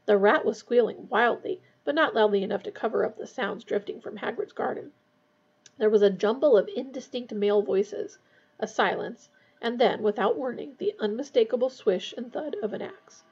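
Husky, gravelly woman reading a novel. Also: on the high side, moderate pace, lo-fi sound. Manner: steady storytelling with brief asides. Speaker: reader.

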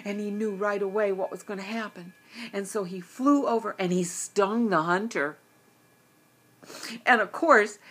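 A woman telling a children's fable in a gentle, animated way. Her pace is slow and unhurried, with a slightly husky tone. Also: mid-range voice. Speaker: storyteller. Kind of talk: children's storytelling.

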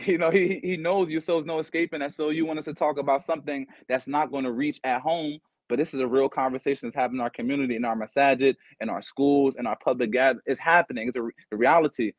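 A man's voice: medium pitch, fast, no room sound. A man on an imams' panel, speaking emphatically and firing off rhetorical questions. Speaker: imam on a roundtable. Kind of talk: panel discussion.

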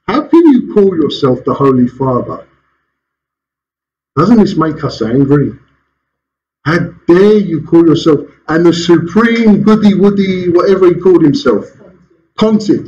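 Lively preaching man, muffled church recording. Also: sits high, a little hiss or hum. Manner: lively, rhetorical questions, chuckles between points. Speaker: pastor. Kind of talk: sermon. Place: church hall.

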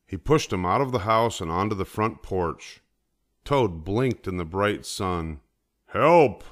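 An older man reading a children's storybook aloud in a gentle, measured way. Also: sits low.

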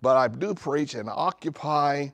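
In a church sanctuary, a middle-aged male pastor delivers a charismatic sermon with an unhurried, gravelly voice, recorded dry. He drops into low asides, then builds to loud declarations laced with humorous jabs.

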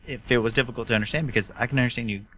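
A man with a Southern US accent hosts an interview in a bright, forceful voice. He talks in an enthusiastic, chatty way, rambling on between questions. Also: medium pitch, steady tone, rapid-fire, slight background noise. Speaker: host. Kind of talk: talk show interview.

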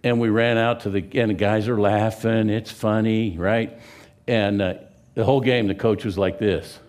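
A man's voice: fairly low pitch, steady tone, normal speed, a little mellow. A man in his seventies from California, preaching a sermon in a church, telling stories with a joking, folksy manner. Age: 70s. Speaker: pastor. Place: church sanctuary.

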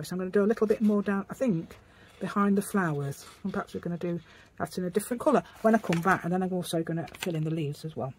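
A woman's voice: on the low side, a little hiss or hum. A woman chatting casually as she demonstrates a craft, rambling as she works and making asides to her dog. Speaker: craft vlogger.

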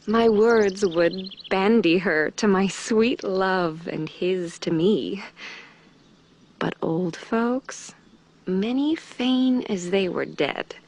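A woman playing Juliet, an impatient lovestruck teenage girl, pleading and hushed by turns. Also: medium pitch. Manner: pleading, swings from hushed to excited.

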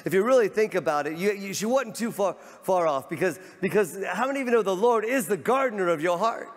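Preacher, man, fervent and repetitive, slightly high voice, recorded in a reverberant church. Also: lively intonation, fast. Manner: fervent, repeats words, rises to near shouts. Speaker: pastor. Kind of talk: sermon. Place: large church sanctuary. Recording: long church hall reverb.

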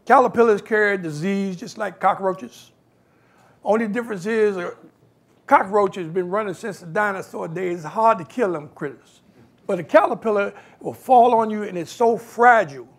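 A man's voice: high-pitched, normal speed. A man, telling stories from his life as a guest speaker and acting out the voices of people in them. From New York. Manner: animated, acts out quoted voices. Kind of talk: storytelling talk.

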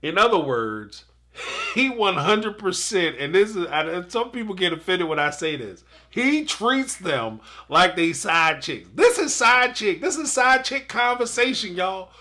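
A man's voice: high voice, sing-song, measured pace, bright, forceful tone. A man hosting a live stream, chatting casually and animatedly about a reality show, talking straight to his audience and laughing often.

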